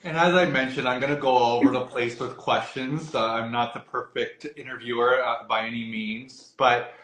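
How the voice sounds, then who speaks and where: A man's voice: mid-range voice, fairly even intonation, moderate pace, a bit bright. Man interviewing over an echoey video call. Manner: rambling, self-deprecating questions with fillers. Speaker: interviewer for an epilepsy alliance. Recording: echoey room, faint background noise.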